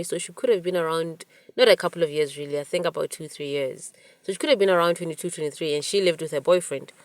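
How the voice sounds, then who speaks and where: Low-voiced woman in her forties, storytelling. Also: no room sound. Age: 40s. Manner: animated retelling with quoted dialogue, frequent restarts. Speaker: podcast host. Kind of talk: storytelling monologue.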